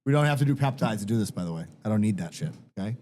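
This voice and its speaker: A man's voice: lowish voice, lively intonation, rapid-fire, a little mellow, slight background noise. A man guesting on a podcast, telling crude, joking stories in casual chat.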